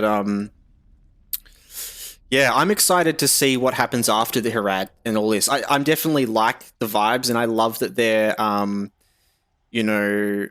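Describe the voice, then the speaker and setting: A man's voice: medium pitch, a bit bright. Laid-back Australian man streaming. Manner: rambling, laid-back, lots of "you know" and "like". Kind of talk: casual livestream chat.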